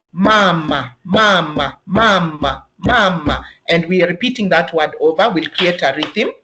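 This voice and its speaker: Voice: mid-range voice, a bit bright. Kenyan-accented teacher explaining patiently. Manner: patient and explanatory, sounds out words syllable by syllable. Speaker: webinar presenter for teachers. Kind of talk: instructional webinar talk.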